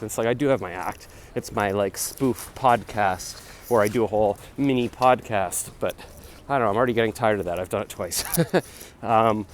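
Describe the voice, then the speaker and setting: A man in his forties rambling casually into his phone while jogging along a city street, with chatty, self-deprecating asides. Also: medium pitch. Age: 40s. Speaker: vlogger. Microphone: phone camera held while jogging. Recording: faint street noise outdoors.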